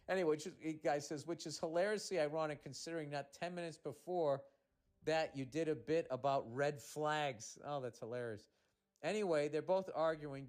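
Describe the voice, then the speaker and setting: A man's voice: a little high, darkish tone. A man hosting a comedy podcast, reading a listener's letter aloud and breaking in with sarcastic, profane asides.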